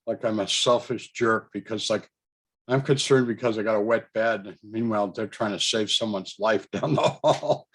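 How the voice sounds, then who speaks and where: A man's voice: fairly low pitch, moderate pace, husky. A man casually telling a personal story, rambling with fillers, restarts and chuckles. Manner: chuckles between thoughts. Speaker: storyteller recounting a personal experience.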